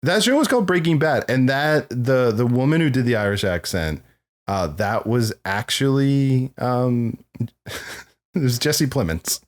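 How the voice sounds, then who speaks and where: Animated, rambling podcast co-host, male. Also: medium pitch, measured pace. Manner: rambling, laughs often. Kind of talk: casual chat about films.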